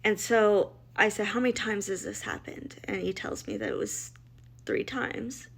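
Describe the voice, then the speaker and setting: A woman's voice: medium pitch, steady tone, moderate pace, creaky. A middle-aged woman, a mother, telling her family's story in a blunt, emotional way, acting out the dialogue as she goes. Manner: emotional, blunt, quotes others in dialogue, many restarts. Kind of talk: personal storytelling.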